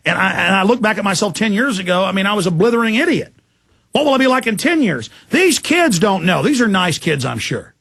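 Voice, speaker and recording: A man's voice: high voice, big pitch swings, brisk, creaky, fairly bright tone, no echo. A man hosting a political talk show, delivering an impassioned, ranting monologue.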